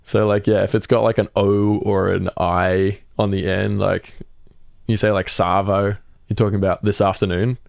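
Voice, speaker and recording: A man's voice: lowish voice, level tone, normal speed, vocal fry, a little mellow, no room sound, studio quality. A young Australian man with an Australian accent, co-hosting a podcast in casual chat and explaining slang with easy laughs. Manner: laid-back, laughs often, explains slang. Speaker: podcast co-host.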